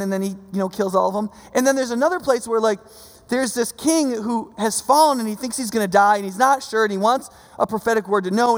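A man preaching a casual teaching sermon, telling stories with lively asides and questions to the audience. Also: sits high. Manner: informal, storytelling, asks the audience questions, frequent "right?". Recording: long hall reverb.

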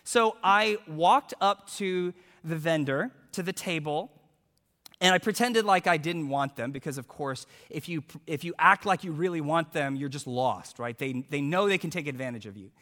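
A male preacher telling a story in a sermon, animated as he acts out quotes, then turning hushed and earnest. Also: a little high, moderate pace, long reverb tail.

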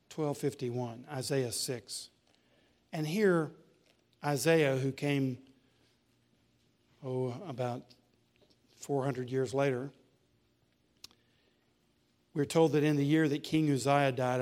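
Man preaching an emphatic sermon. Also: a little high. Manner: emphatic preaching, rising to loud peaks. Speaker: pastor.

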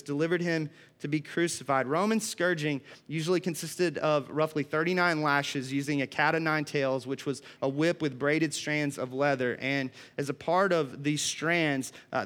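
A man's voice: a little high, fairly bright tone. A man preaching a sermon, earnest and emphatic, reading scripture aloud and explaining it.

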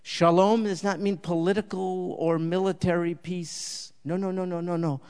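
A male preacher delivering a sermon and closing prayer, swinging from loud emphatic peaks to hushed, reverent prayer. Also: sits high, flat delivery, normal speed, clear, resonant tone. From Jewish believer in Jesus. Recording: long hall reverb.

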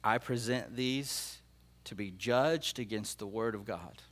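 A man's voice: on the low side, slow pace, fairly bright tone. A middle-aged man, a pastor, telling his dreams in a sermon, earnest and emotional, often repeating and restarting his phrases. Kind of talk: sermon sharing prophetic dreams.

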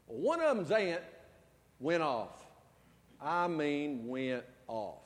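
High-voiced preacher man in reverberant church. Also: very animated, slow. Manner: storytelling preacher, swings from loud to soft. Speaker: pastor. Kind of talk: sermon.

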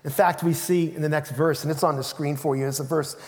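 High-voiced male pastor preaching in a hall. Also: brisk. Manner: animated storytelling, acting out quotes with a laugh. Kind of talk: sermon. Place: church sanctuary. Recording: reverberant church hall.

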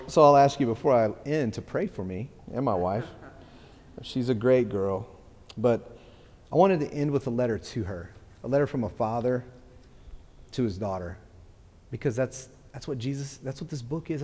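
Earnest pastor in a reverberant hall. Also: male voice, fairly low pitch, darkish tone. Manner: earnest, repeats words, restarts phrases. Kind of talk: sermon. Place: church hall.

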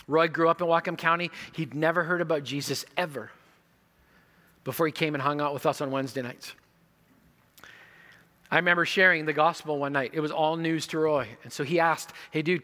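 A male pastor preaching a sermon, telling stories and moving between quiet moments and loud emphasis. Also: on the high side, brisk.

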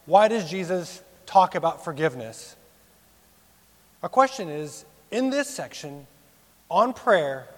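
Expressive male preacher in a reverberant hall. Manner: expressive, rising for emphasis and dropping low for serious points. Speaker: pastor. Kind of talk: sermon.

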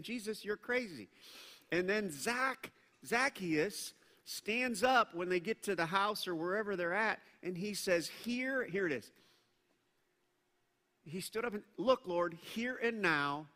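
Male pastor, high bright voice, animated sermon in a reverberant hall. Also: a little slow. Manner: animated, acts out quoted voices. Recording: long reverb of a large hall.

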